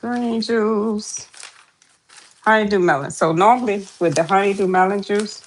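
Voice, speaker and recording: A woman's voice: mid-range voice, fast talker, a little hiss or hum. A woman hosting a casual live stream, chatty and greeting viewers over and over. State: out of breath.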